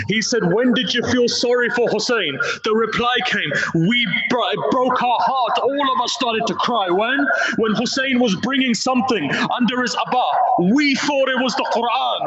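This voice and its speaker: A man reciting a slow, grieving Muharram sermon in a mosque, telling a story with quoted speech. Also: high-pitched, fairly bright tone. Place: mosque hall. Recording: roomy, dull hall recording.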